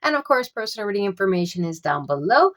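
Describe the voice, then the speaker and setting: A woman giving a casual tarot reading. She gropes for words with many fillers and keeps offering calm reassurance. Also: medium pitch, fast talker. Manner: reassuring, repeats soothing phrases. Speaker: tarot reader.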